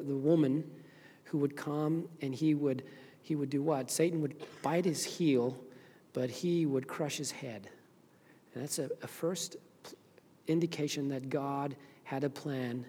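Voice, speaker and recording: Preaching Zimbabwean pastor in an echoing church. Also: male voice, fairly high pitch. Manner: swings from loud preaching to quiet, earnest talk. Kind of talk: sermon. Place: church sanctuary. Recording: long reverb of a church hall.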